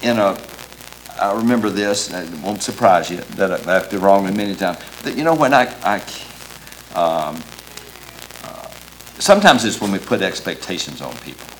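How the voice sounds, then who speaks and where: A man preaching a sermon in an earnest, emphatic way, quoting scripture with halting restarts. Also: sits low, lively intonation, slight background noise, poor audio.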